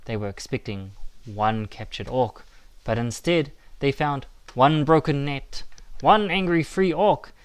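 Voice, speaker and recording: A man narrating a children's story in a slow, measured, expressive way. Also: mid-range voice.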